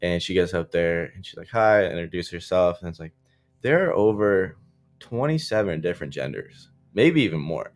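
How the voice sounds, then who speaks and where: A man's voice: low-pitched, expressive, normal speed. A young man, a college football player from Florida, telling stories in a loose interview chat full of likes and restarts. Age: young adult. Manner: loose, filler-heavy, frequent likes and restarts. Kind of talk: casual interview storytelling.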